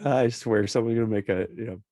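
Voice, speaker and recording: A man co-hosting a casual software tutorial, walking through a screen-share with wry jokes and emphatic repetition. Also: on the low side, a little fast, no room sound, clean studio sound. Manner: joking, repeats key points with emphasis. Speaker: co-host presenting a software demo.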